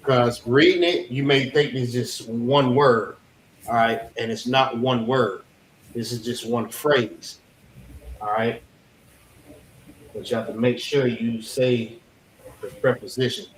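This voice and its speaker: A man leads an informal lesson at an unhurried pace, often repeating himself and checking in with the class. The room is reverberant, with a faint hum of ambience behind him. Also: mid-range voice. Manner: relaxed, repeats phrases, checks understanding. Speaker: class teacher.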